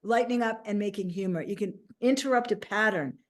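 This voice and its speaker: A woman hosting a casual interview as a life coach, talking in an animated way and acting out little quoted voices. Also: mid-range voice, brisk.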